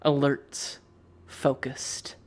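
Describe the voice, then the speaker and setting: A man's voice: drawn-out words, a little mellow. A man narrating a tabletop game as game master, describing scenes in the second person. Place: live stream.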